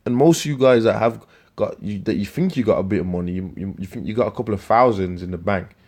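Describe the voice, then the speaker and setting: A man preaching scripture in a profane, scornful rant, with slang, repeated words and sudden loud outbursts. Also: on the low side, quick pace. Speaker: street preacher.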